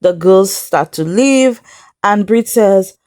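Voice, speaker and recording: A woman's voice: medium pitch, lively intonation, slow, dark tone, no echo, clean studio sound. A woman giving a casual recap of a reality show, chatty and incredulous, laughing often as she tells it. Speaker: recap vlogger.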